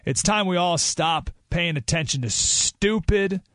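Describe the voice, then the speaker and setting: Male radio host, storytelling monologue, animated delivery, dry studio sound. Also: sits high, unhurried, no room sound. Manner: animated storytelling, rising to excited emphasis.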